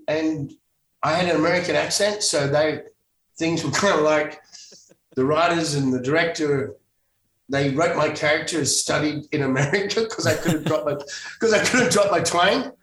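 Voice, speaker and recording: A man's voice: fairly high pitch, fairly bright tone, a little hiss or hum. A middle-aged man from Australia, a guest telling stories in a casual interview, rambling with many restarts and self-corrections. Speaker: guest, actor. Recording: roomy echo, distant mic.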